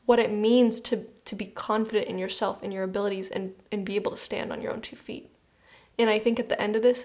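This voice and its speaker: A woman giving a tarot reading. She speaks directly to the listener in an earnest, reassuring, conversational way and often says "you know.". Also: medium pitch. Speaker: tarot reader. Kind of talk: spoken tarot reading to the viewer.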